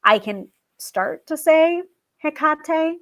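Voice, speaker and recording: Unhurried and fairly bright, her medium-pitched voice carries a casual tarot show. She talks about working with a goddess while reading through listed tips, frequently restarting, saying um, and laughing at herself.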